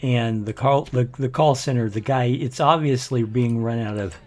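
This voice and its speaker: A man's voice: medium pitch, normal speed, darkish tone, slight background noise. Grumbling older man. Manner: rambling, grumbling asides. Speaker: let's play host. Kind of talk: casual gameplay commentary.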